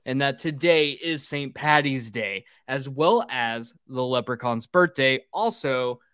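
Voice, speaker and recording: A man's voice: mid-range voice, unhurried, clean tone, no echo. Rambling man recapping a movie, dry mic. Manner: rambling, profane, energetic recapping. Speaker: podcast host. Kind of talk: drunk comedy podcast chat.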